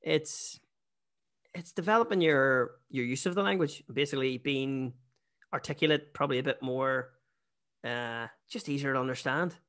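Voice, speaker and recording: A man's voice: mid-range voice, moderate pace, a bit bright. A man with a Newry, Northern Irish accent, a stand-up comedian chatting casually as a podcast guest, self-deprecating and full of restarts. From Northern Ireland.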